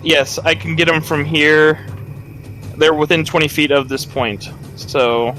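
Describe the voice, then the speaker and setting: Slow-talking man playing a tabletop game. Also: a little high, flat delivery, pushed and bright, a little hiss or hum, low-quality recording. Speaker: player.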